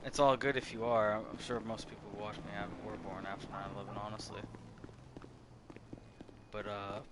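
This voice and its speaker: A man's voice: on the low side, level tone, brisk, background noise. A man in his thirties giving casual gameplay commentary, rambling and swearing freely, often restarting his sentences. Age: 30s. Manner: rambling, profane, self-interrupting. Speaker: gameplay streamer.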